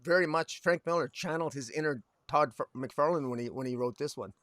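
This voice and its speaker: Slightly high-voiced man, dry and close. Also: brisk, fairly bright tone, no room sound. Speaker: podcast co-host, comic reviewer. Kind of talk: casual review chat.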